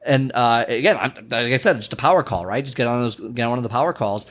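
A man's voice: medium pitch, quick pace, a bit bright. A young man, a fitness coach, giving an emphatic motivational talk to camera, often repeating his phrases.

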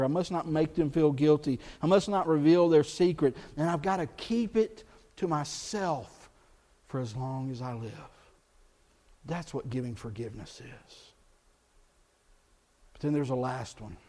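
A male pastor preaching a sermon in church, earnest, rising for emphasis and dropping low and soft on key points.

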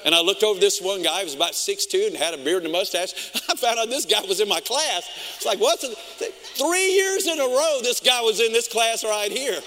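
High, bright-voiced preaching man. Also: fairly quick, few pauses. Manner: animated storytelling, acts out his own reactions. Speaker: pastor. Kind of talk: sermon. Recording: long reverb of a large hall.

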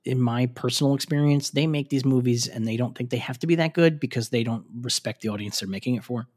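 A man's voice: medium pitch, quick pace. A middle-aged man, co-hosting a podcast and telling stories with lots of laughs. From United States. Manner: animated storyteller, laughs often, acts out quotes. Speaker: podcast co-host. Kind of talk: casual chat.

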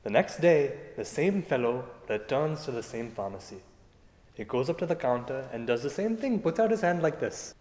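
A man putting on his older father's voice and accent to tell a joke in an amused, slow storytelling manner. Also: mid-range voice, expressive, darkish tone, voice pushed down, lightly acted. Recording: echoey hall with faint ambience.

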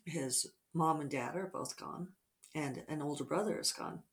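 A middle-aged woman author talking casually over morning coffee, reflective and rambling with soft fillers. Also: low-pitched, moderate pace.

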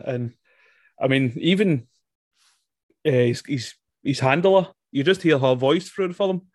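A man co-hosting a casual film review podcast, excitable and laughing a lot. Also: medium pitch, measured pace, no room sound, studio quality. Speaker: podcast co-host.

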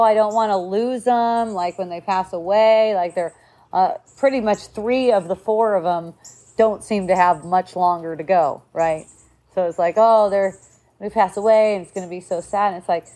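A woman talks through spiritual ideas in a loose, conversational way. She leans on fillers like "like" and "right?" and swears bluntly and easily. Her voice sits at an ordinary pitch for a woman. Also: warm tone. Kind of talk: casual spiritual talk.

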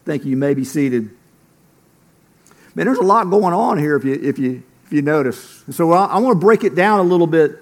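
A man's voice: medium pitch, lively intonation, normal speed. A pastor preaching a sermon, telling earnest stories and often throwing in "man".

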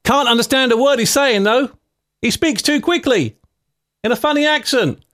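Give me a man playing a gang of teasing kids, pitched way up and mocking. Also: moderate pace, fairly bright tone.

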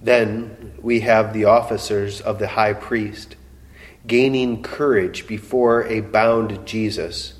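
A man preaching a sermon, slow and dramatic, voicing the questions of onlookers with rising emotion. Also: on the low side, steady tone. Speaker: pastor. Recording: long reverb of a large hall.

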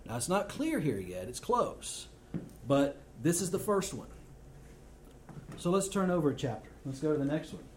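A man preaching a sermon, reading scripture aloud and weaving in lively stories. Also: fairly high pitch, moderate pace, a little hiss or hum.

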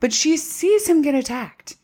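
A woman's voice: high voice, expressive, unhurried, dark tone. A woman co-hosting a podcast, recapping a movie in casual, sarcastic, profane chat. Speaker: podcast co-host.

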